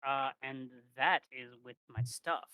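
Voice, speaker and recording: A man's voice: mid-range voice, steady tone, takes it slowly, a loud crowd, rough recording. A man playing a tabletop game, often checking the rules with questions. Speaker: player.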